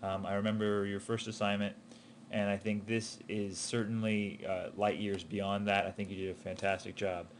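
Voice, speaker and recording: A man with a fairly low, level voice speaks at a moderate pace, a little hiss or hum behind him. He gives an animation student casual, upbeat feedback, often pausing with ums and starting sentences over.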